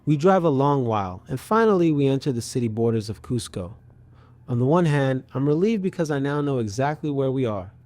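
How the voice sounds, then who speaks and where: Man, scripted story narration, steady delivery, warm tone, dry close sound. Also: mid-range voice, fairly quick, no echo.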